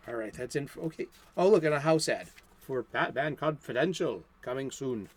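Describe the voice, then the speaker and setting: A man's voice: mid-range voice, a little hiss or hum. A man hosting a daily comic book talk show, chatting loosely and enthusiastically with many restarts and fillers, recorded lo-fi at home. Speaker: comic book channel host. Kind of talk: unscripted casual chat.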